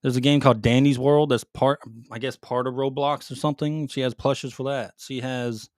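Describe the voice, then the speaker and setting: A man's voice: mid-range voice, steady tone, normal speed, no echo, clean studio sound. A middle-aged man hosting a gaming podcast, joking and teasing in casual chat. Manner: loud, teasing, joking banter. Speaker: podcast host.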